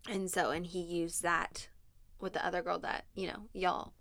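A young woman, co-hosting a podcast, who talks openly, laughs often and grows animated when retelling events. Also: on the low side, moderate pace, gravelly, dry recording. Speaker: podcast co-host. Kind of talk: candid conversation.

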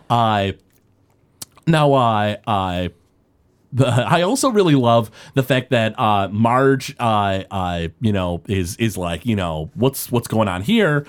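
A man chatting casually as a podcast co-host, rambling through an episode recap with many filler words and frequent laughter. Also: medium pitch.

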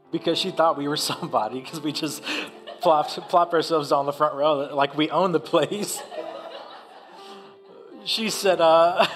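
A man giving a heartfelt personal testimony in a church service, with halting restarts. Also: on the high side, a bit bright. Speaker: church speaker.

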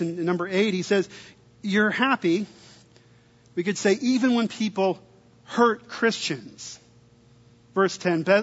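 A man preaching an expository sermon in a teacherly way, stacking his points in repeated lists. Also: high-pitched. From United States. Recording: dull lo-fi recording with long reverb.

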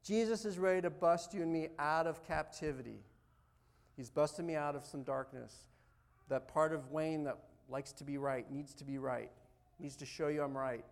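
A man preaching a sermon as pastor, animated, swinging from loud urging to soft, quiet asides. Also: a little high, normal speed, vocal fry.

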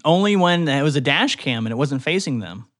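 A man's voice: fairly high pitch, expressive, brisk. A young man co-hosting a casual podcast, reading odd stories aloud and laughing often. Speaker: podcast co-host. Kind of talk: casual chat, reading trivia.

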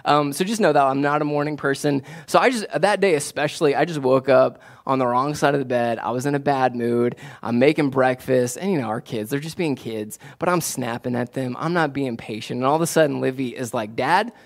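A man, preaching a sermon in a conversational way, repeating key phrases and growing animated when he tells stories. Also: mid-range voice, brisk, few pauses. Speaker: pastor.

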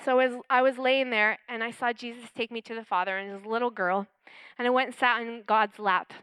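Woman pastor, earnest storytelling sermon, slightly high, smooth voice, dry close sound. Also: fairly even intonation, fairly quick, a bit bright, no room sound. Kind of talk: sermon with personal testimony.

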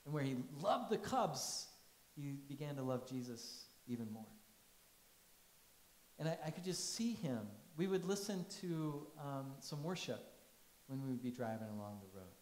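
A man's voice: medium pitch, expressive, normal speed, darkish tone, echoey room, low-quality recording. A man giving a conversational sermon, telling stories and asking the congregation questions. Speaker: pastor.

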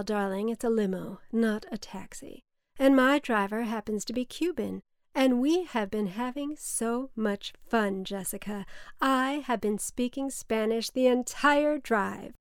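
A theatrical older mother with a gravelly smoker's rasp, as a woman puts her on. She drawls grandly and leans on every word like a faded diva. The voice sits a little high and sounds close and dry. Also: a little slow, dry recording. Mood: haughty.

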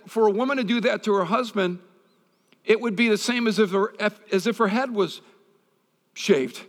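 A male pastor preaches in a relaxed, conversational way at normal speed, weaving scripture together with stories from his own life. His voice is a little higher than most men's. A long reverb trails behind him, as if he were speaking in a large hall.

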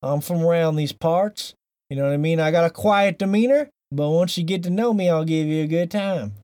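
A man putting on the voice of a laid-back Southern country man with a Southern US accent. He speaks in a slow drawl and boasts in a friendly way. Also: a little high, darkish tone, no room sound, studio quality, close to an everyday voice. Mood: easygoing.

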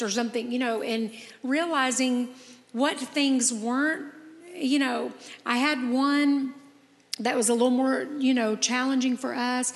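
A woman's voice: on the high side, steady tone, a little slow, in a large hall. A woman in her fifties, hosting a podcast, talking in an earnest, encouraging way and telling personal stories. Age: 50s. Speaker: podcast host. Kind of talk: casual heartfelt chat.

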